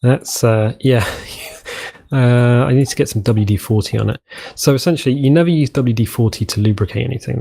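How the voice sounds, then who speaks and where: Mellow-voiced rambling gameplay host. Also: male voice, fairly low pitch. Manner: rambling, tangent-prone, self-mocking. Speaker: let's play host. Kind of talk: casual gameplay commentary.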